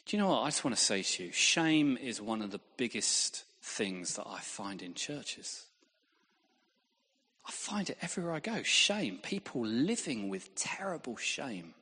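Husky preacher in a reverberant hall. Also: male voice, mid-range voice, a little slow. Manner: lively, self-deprecating humour. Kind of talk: sermon with anecdotes.

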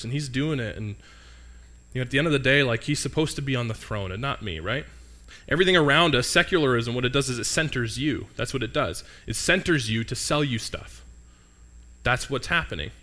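A young pastor with a medium-pitched, sharp-toned voice delivers a casual, conversational sermon, putting questions to the congregation and joking with listeners.

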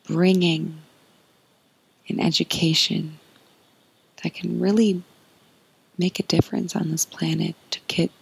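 A woman hosting a podcast, giving a soft, earnest spiritual monologue in a breathy, often whispered voice. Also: fairly low pitch, poor audio. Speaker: podcast host.

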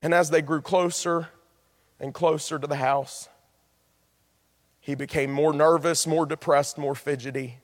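A male pastor preaching an impassioned sermon in a church sanctuary, building to loud appeals. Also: on the high side, steady tone, measured pace, long pauses, studio quality. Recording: long hall reverb, faint music.

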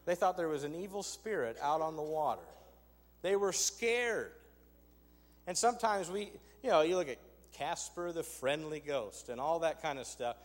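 A man's voice: a little high, normal speed. Emphatic male pastor preaching in a reverberant hall. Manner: conversational, emphatic preaching with rhetorical asides. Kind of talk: sermon.

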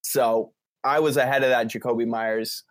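A man's voice: mid-range voice, fairly even intonation. A young man co-hosting a casual sports podcast, arguing points and cutting in on others. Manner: argumentative, quick to interrupt. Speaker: podcast co-host.

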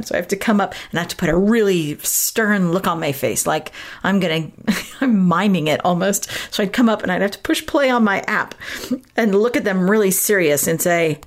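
A woman's voice: mid-range voice, brisk. A woman hosting a parenting podcast, telling a personal story in an earnest, reflective way and laughing now and then. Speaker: podcast host.

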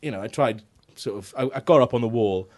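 A man's voice: medium pitch, brisk, a little mellow. A man in casual comedic chat, telling rambling stories and laughing often. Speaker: podcast co-host.

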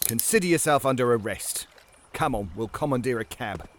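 An actor playing a firm police officer with a curt, businesslike manner. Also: male voice, medium pitch, expressive, moderate pace, noisy background, natural voice.

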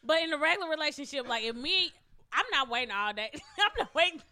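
Lively high-voiced teasing woman. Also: fast talker, a crowd in the background. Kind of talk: casual group chat.

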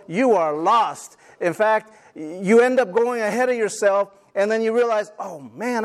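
A middle-aged male pastor preaching a sermon, telling stories and calling the congregation to answer amen. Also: high-pitched. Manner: calls for amens, tells stories.

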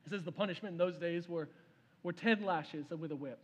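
A man's voice: a little high, brisk, lo-fi sound. A male pastor preaching a sermon. He tells a story with feeling and speaks the king's lines himself, then turns to the congregation with "y'all". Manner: storytelling preacher, voices the king's words, addresses the crowd as "y'all". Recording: long reverb of a large hall.

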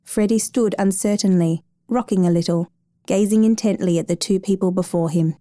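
A woman reading a story aloud, narrating as an adoption caseworker, in a calm, measured way. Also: mid-range voice, no room sound.

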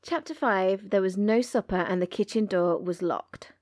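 A woman's voice: mid-range voice, moderate pace, a little mellow, no room sound, clean studio sound. A woman co-hosting a book podcast, recapping chapters and reading passages aloud with character voices. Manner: reads dialogue in character voices.

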